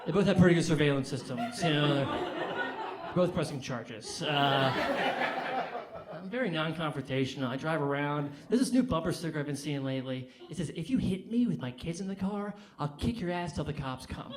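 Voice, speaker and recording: A young adult man doing a stand-up comedy set on a brewery stage, telling deadpan stories and later working the crowd loudly. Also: fairly high pitch, a little fast. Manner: deadpan storytelling, rising to loud crowd work. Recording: live audience laughter behind.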